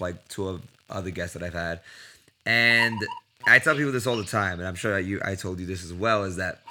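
A man hosting a casual interview, relaxed and conversational, prompting questions with fillers. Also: on the low side. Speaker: podcast host.

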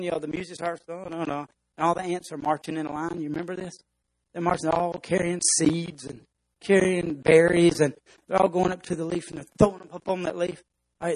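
A man's voice: high voice, poor audio. A man preaching a sermon as pastor, speaking emphatically and acting out stories for his congregation.

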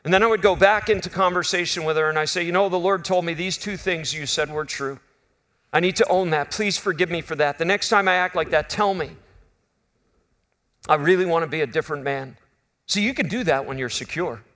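A man's voice: fairly high pitch, brisk. A man in his fifties preaching a sermon, telling a personal story in an earnest, conversational way. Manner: earnest, conversational storytelling, swings from loud bursts to quiet intimacy.

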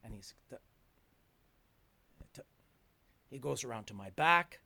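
A man's voice: mid-range voice, lively intonation, slow, creaky, pushed and bright, dry recording. An older man, telling a long story as a guest, rambling and chuckling with plenty of fillers. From Canada. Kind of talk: storytelling in a conversation.

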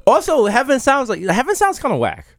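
A man's voice: extremely high pitch, a little fast, no echo, clean studio sound. A young man, co-hosting a podcast in brash, profane, comedic banter. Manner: brash, profane, animated storytelling. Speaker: podcast co-host.

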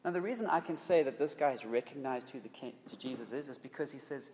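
A man's voice: medium pitch, lively intonation, a little fast, hardly any pauses, darkish tone, a little hiss or hum. A man preaching a sermon in an emphatic, conversational way, often restarting his phrases. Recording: long reverb of a hall.

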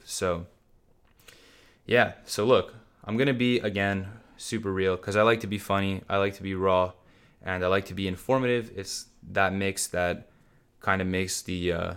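A man's voice: sits low, fairly even intonation, normal speed, a bit bright, clean tone. A man hosting a solo motivational podcast, talking bluntly and casually to his listeners and swearing freely. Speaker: podcast host.

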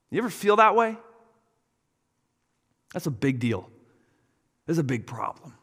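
Storytelling pastor with hall reverb. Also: male voice, a little high, a bit bright. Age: 30s. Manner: storytelling, shifts into quoted voices of his child. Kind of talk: sermon.

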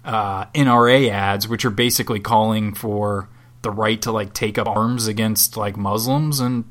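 This Southwest Florida podcast co-host speaks at a moderate pace in a lowish, somewhat bright voice with fairly level intonation. He chats casually, wandering from point to point with a profane, sardonic edge.

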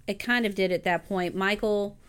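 A woman's voice: medium pitch, fairly even intonation, normal speed, fairly bright tone, clear, resonant tone. A woman co-hosting a podcast, chatting and laughing as she recaps a film. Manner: chatty, laughing, playfully scolding. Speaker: podcast co-host. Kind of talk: casual chat recapping a film.

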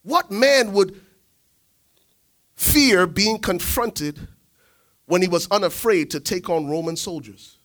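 A man preaching a sermon, telling the story dramatically, swinging from shouts to hushed asides. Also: high-pitched, takes it slowly, long pauses.

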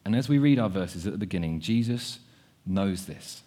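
A young man preaches a sermon in a low, slightly rough voice at a moderate pace. He's earnest and often repeats words as he thinks aloud, moving between quiet stretches and animated ones.

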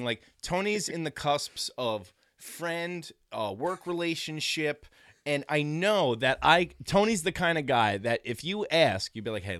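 A man telling a profane, animated travel story in a casual chat. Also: on the high side, no room sound, studio quality.

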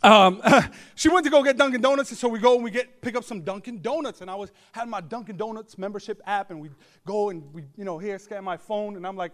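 A man pastor delivering a humorous storytelling sermon to his congregation, animated with joking asides and bursts of shouting. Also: sits high, normal speed. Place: church service before a congregation.

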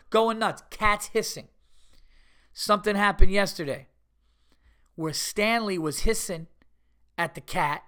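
A middle-aged man talks straight into a podcast mic, swearing freely as he tells stories. His voice sits a little high for a man and sounds bright, with a forward edge to it. It comes across as a loose, animated solo monologue. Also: a little slow, clean tone. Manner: profane, animated storytelling. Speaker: podcast host.

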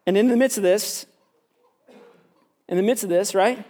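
Male pastor with a high voice, chatty sermon delivery that checks in with the room. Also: normal speed, a little mellow. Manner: conversational, peppered with "right?" and "like".

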